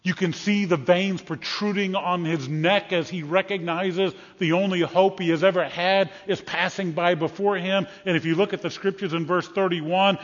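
A man preaching a sermon, dramatically acting out scripture voices and rising to loud calls. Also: high voice, fairly even intonation, normal speed, hardly any pauses. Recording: dull sound with long hall reverb.

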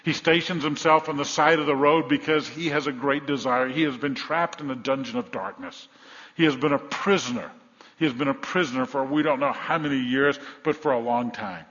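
A man's voice: mid-range voice, fairly quick, a bit bright. A man preaching a sermon, telling a Bible story vividly and acting out the voices of the crowd. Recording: dull sound with long reverb in a hall.

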